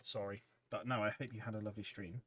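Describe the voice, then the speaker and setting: A man's voice: on the low side, flat delivery, fast, a bit bright, breathy edge. A man hosting a casual livestream, rambling in an easygoing way as he reads out chat messages. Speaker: livestream host.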